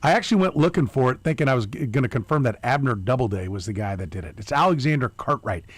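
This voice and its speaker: Middle-aged male sports radio host, average pitch, dry studio sound, playful needling. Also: animated, fast, dry recording. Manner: teasing, chatty. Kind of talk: casual radio banter.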